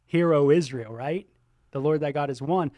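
Animated male pastor, dry close sound. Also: fairly high pitch, normal speed, no echo. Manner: animated, exclaims and voices imagined listener reactions; many ums and you-knows. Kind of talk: sermon teaching.

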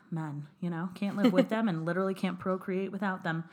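A woman's voice: on the low side, steady tone, moderate pace, a little mellow. A young adult woman co-hosting a casual chat, talkative, swearing casually and laughing often. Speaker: podcast co-host.

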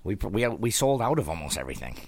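A man's voice: lowish voice, sing-song, fast talker, creaky, a little mellow. A man co-hosting a casual podcast, laid-back and swearing, laughing often. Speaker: podcast co-host, bar owner. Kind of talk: casual chat.

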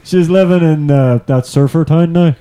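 A man with a Belfast accent hosts a relaxed podcast chat over beers. His voice is mellow and a little dark, and he talks in a chatty way, laughing and swearing freely. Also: on the high side, normal speed. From Northern Ireland. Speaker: podcast host. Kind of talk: casual chat.

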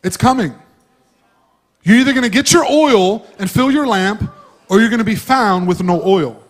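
A high-voiced man preaches a sermon in church. His delivery is conversational and he speaks straight to the congregation, rising into loud emphasis and then dropping into quiet asides. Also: normal speed. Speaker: pastor.

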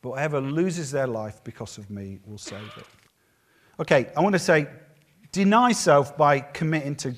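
A man delivers a lively sermon from the pulpit, his voice sitting high for a man. He talks fast and loose, slipping into little voices to act out what others say. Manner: lively, acts out quotes of others. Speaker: pastor.

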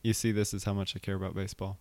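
Playful young man, smooth low voice. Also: little pitch movement, a little mellow. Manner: playful, teasing, quick to laugh. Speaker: podcast host. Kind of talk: casual chat.

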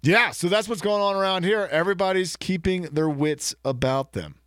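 A man's voice: high voice, moderate pace, a bit bright, smooth, no echo. Joking male community radio host. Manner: joking, dry self-mocking asides. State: allergy-stuffed voice. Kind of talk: casual sports radio banter.

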